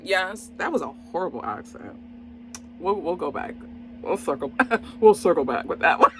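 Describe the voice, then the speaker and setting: An exuberant woman reviews a movie straight to camera in a loose, chatty way. Her voice is bright and forceful, and she bursts into exclamations and laughter often. She talks to her viewers directly throughout. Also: lowish voice, lively intonation, normal speed, slight background noise. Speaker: movie reviewer and channel host.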